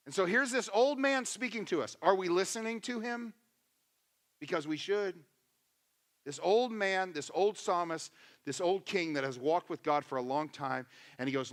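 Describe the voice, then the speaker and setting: Brief: male pastor, sermon, emphatic and chatty, bright and sharp, slightly high voice. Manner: emphatic, acts out quotes in voices; conversational, asks the congregation questions.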